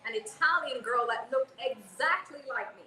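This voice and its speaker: A woman in her forties co-hosting a casual panel chat, an animated storyteller who keeps checking in with "okay?". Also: high-pitched, normal speed, reverberant, a little hiss or hum, poor audio. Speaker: co-host.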